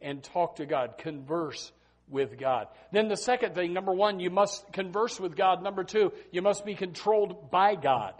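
A middle-aged man preaching a sermon as a pastor, swinging from sudden shouted peaks down to quiet, low asides. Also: animated, normal speed.

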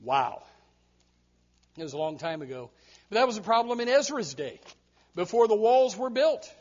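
High-voiced fiery preacher man, lo-fi recording. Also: big pitch swings. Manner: swings from low asides to loud preaching; repeats words in quick restarts. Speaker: pastor. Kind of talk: fiery sermon. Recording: dull lo-fi recording.

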